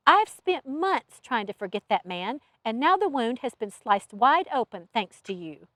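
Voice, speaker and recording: A guarded young woman running an inn, heartbroken and curt, who fires off suspicious questions, as a woman reading aloud acts her out. Her voice is high and very lively in pitch. The sound is close and dry. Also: a little slow, no echo. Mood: accusing.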